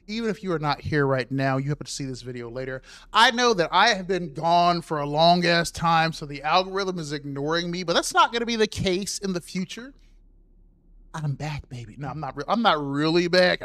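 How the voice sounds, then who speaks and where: A man chatting casually and profanely on a game live stream, bursting into panicked shouts during fights. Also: fairly high pitch.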